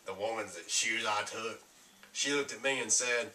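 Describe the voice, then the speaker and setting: A man's voice: fairly low pitch, normal speed, close to an everyday voice. A man playing a jail inmate who tells tall tales about his crimes in a comedy sketch. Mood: storytelling. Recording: far camcorder mic, faint hiss.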